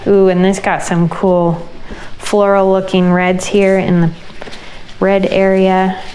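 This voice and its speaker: A woman hosting a crafting channel, explaining an ice-dye project as she works in a relaxed way. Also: medium pitch, slow, slight background noise, poor audio. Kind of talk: casual craft tutorial.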